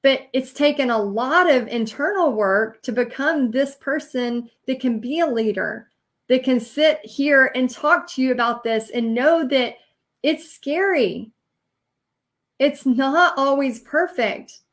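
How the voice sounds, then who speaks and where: A woman's voice: high-pitched, slow pace. A woman giving a live-streamed training talk as a business coach, earnest and emotional, rambling with many fillers.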